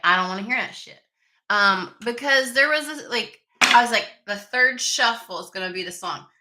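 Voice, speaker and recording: A woman's voice: mid-range voice, sharp tone. A woman hosting a spiritual reading channel, chatting casually and rambling with lots of swearing. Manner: profane, irritated, rambling. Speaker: tarot reader channel host. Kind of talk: casual chat to camera. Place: home room with desk and window. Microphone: camera mic.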